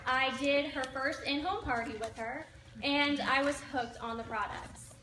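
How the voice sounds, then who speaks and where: A high-voiced young woman in her twenties tells her own story in an earnest, steady way. The recording is roomy and echoey, with noticeable noise behind her. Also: unhurried, far from the mic. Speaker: direct sales team member. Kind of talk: personal success story. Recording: echoey room with background noise.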